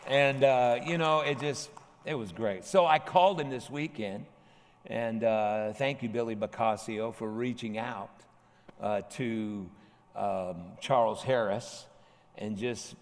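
Man, pastor, animated humorous storytelling, sermon, long hall reverb, stage mic. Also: on the low side, gravelly. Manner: animated anecdote with humorous asides. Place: large church sanctuary.

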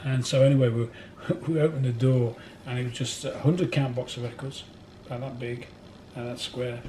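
In a record warehouse interview, a male record collector rambles through his anecdotes, laughing along and doing other people's voices. He speaks at a moderate pace with medium pitch, fairly even intonation, and a warm tone, with slight background noise.

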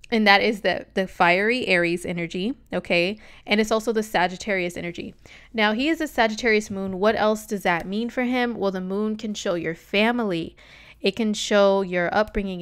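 A woman's voice: medium pitch, fairly bright tone, smooth. A woman talking casually on a vlog, giving a chatty, sassy astrology reading full of slangy asides.

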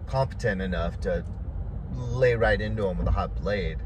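Male vlogger, lowish voice, casual rambling storyteller, traffic noise behind. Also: normal speed. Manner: rambling, full of fillers and restarts.

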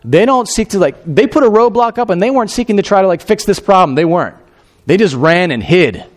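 A male pastor preaching a sermon in a conversational, animated way, with fillers like "you know" and "I mean". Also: sits high, brisk.

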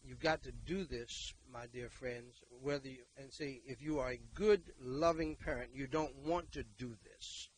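A man, preaching a sermon and leading prayer, emphatic and repetitive, moving between loud exhortation and quiet talk. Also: medium pitch, unhurried, few pauses, slight background noise, poor audio.

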